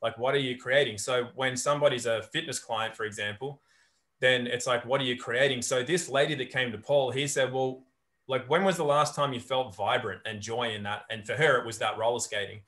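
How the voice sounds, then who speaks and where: A male guest on a podcast talks in a relaxed, reflective way and often tells anecdotes. He coaches people and speaks conversationally at a middle pitch. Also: fairly quick. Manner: storytelling, reflective.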